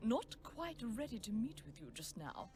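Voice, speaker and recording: A woman's voice: a little high, big pitch swings, moderate pace, music in the background. An actress voicing a stern, dismissive older aunt in a mystery game, her speech clipped and brusque.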